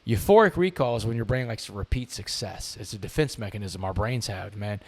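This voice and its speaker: A man's voice: on the low side, lively intonation, a little fast, darkish tone. A middle-aged man, a podcast guest, telling his story in a candid, conversational way and swearing casually. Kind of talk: storytelling interview.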